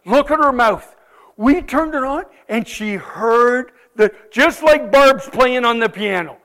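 Guy with a really high voice telling a church his mission story, excited, keeps cueing the slides. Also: slow. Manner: animated, exclaims often, cues slides aloud. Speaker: visiting missionary speaker. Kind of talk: testimony storytelling to a congregation.

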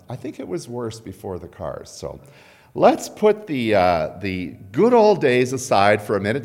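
A man preaches a sermon in a conversational way, his pitch leaping high and dropping low all through. The voice rings out with a long reverb off the church walls. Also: darkish tone. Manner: conversational, asks "right?" and "okay?" often. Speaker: pastor.

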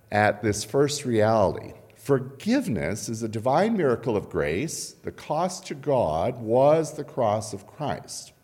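A pastor giving a conversational sermon, often checking in with the congregation. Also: male voice, mid-range voice, darkish tone. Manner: conversational, asks "right?" and "okay?" often. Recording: long hall reverb.

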